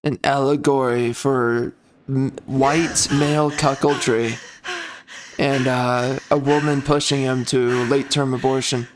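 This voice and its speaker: Over game music and sound effects, a man streams gameplay while mocking it sarcastically. He speaks slowly and flatly in a mid-range voice, and there's background noise.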